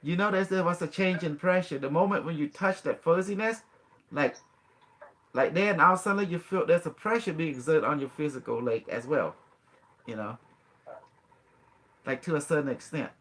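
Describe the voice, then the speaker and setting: A man with a fairly high, slightly bright voice hosts a casual guided demonstration, speaking at a moderate pace with frequent pauses. He coaches his guest step by step in an instructive, coaxing way, laughing often and using non-native, broken grammar.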